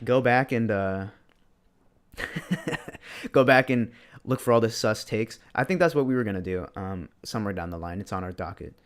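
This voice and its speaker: A man's voice: fairly low pitch, normal speed, pauses often, clean tone. A young man co-hosting a podcast livestream, chatting casually with laid-back slang and answering viewers' chat. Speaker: podcast co-host.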